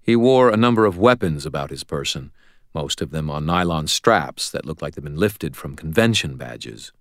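A man's voice: extremely low pitch, animated, normal speed, no room sound. A man reading a first-person audiobook narration in a wry, dry storytelling manner.

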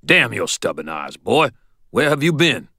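A man's voice: fairly low pitch, expressive, moderate pace, fairly bright tone, no echo, clean studio sound, pitched above the performer's own voice. A man voicing a stern, blunt old male wizard mentor who scolds in a growling, folksy way. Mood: angry.

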